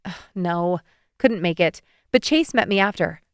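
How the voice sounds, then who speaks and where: A woman's voice: on the low side, expressive, a little slow, smooth, no echo, clean studio sound. A woman voicing a perky, clingy young woman in an audiobook, with a chirpy, sing-song delivery.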